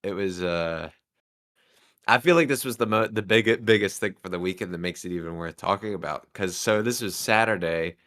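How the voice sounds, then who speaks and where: A man telling a long personal story as a talk-show guest. His voice sits on the low side, and he stumbles along with plenty of fillers and false starts. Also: a bit bright. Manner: halting, full of fillers and restarts. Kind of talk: casual storytelling.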